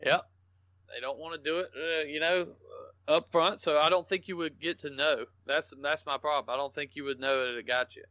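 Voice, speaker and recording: A man's voice: a little high, fairly even intonation, normal speed, pushed and bright, no echo. A man, a podcast guest telling rambling, salty, joking stories in casual talk. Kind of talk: casual storytelling interview. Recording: dull lo-fi podcast audio.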